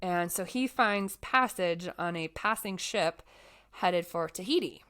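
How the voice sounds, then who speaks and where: A young woman telling a life story in a casual, animated chat, full of fillers. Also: fairly low pitch, a little slow.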